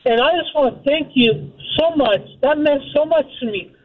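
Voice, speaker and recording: A male caller from Idaho with a very high voice, earnest and a little emotional. He comes through a thin, tinny phone line. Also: normal speed. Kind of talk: call-in thanks.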